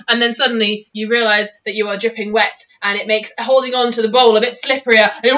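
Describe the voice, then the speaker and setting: A woman narrating a tabletop game as game master, telling the story in an animated, giggly way. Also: on the high side, brisk, hardly any pauses, noisy background.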